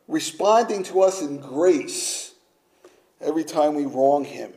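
A man preaching a sermon slowly and emphatically, sometimes dropping to a near-whisper for effect. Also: on the high side, lively intonation, a little mellow, rough recording.

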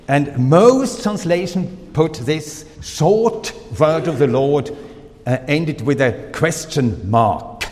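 A man with a German accent, a native German speaker, preaching a sermon in slow, deliberate phrases with pauses and fillers. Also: mid-range voice, a little mellow, long reverb tail.

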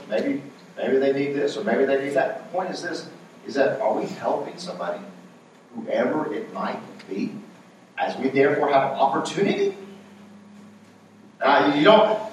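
A man's voice: fairly high pitch, a little hiss or hum. A male pastor from North Carolina with a Southern accent, preaching an emphatic sermon and calling for amens. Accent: Southern American. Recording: echoey room, mic from a distance.

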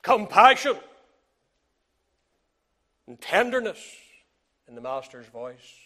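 A man with a high voice preaching a sermon. He moves between loud, emphatic declarations and soft, hushed lines, repeating key phrases in an old-fashioned scriptural manner. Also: unhurried.

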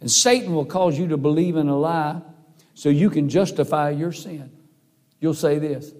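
A man's voice: a little high, moderate pace, a little mellow. A middle-aged man preaching a sermon in an earnest, folksy, emphatic way. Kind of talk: sermon with personal story.

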